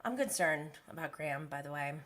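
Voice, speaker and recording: A woman's voice: deep voice, lively intonation, brisk, a bit bright. A young woman hosting a casual recap livestream, chatty and gossipy, who laughs often. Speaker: host of a reality TV recap livestream.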